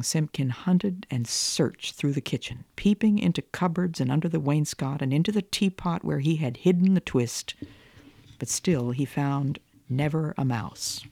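Woman, radio host, storybook reading, gentle, measured, dry close sound. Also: deep voice, gravelly, no room sound.

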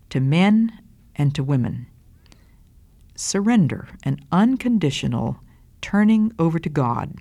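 An older woman giving a Christian devotional talk in a slow, deliberate, earnest way. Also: sits low, warm tone. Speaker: Christian speaker.

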